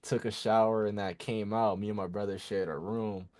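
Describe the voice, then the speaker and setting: Young male musician guest, low-ish voice, animated slangy storyteller. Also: a little fast. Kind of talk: casual storytelling in an interview.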